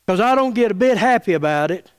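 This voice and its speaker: Man, high-pitched, angry folksy preaching, repeated restarts. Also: lively intonation, quick pace, smooth. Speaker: pastor. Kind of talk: fiery sermon.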